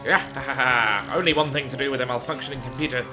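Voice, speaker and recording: A man's voice: mid-range voice, fast talker, over music, natural voice. A man voicing a pompous, cruel male villain leader who gloats and barks orders. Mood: gloating. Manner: gloating, commanding, loud.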